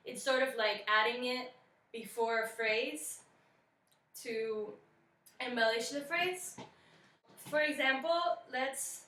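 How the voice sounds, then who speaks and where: A young woman explaining singing techniques in a brisk, explanatory vocal tutorial. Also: high voice, sharp tone, echoey room, distant mic. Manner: brisk and explanatory, demonstrates effects with her voice. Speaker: singing teacher.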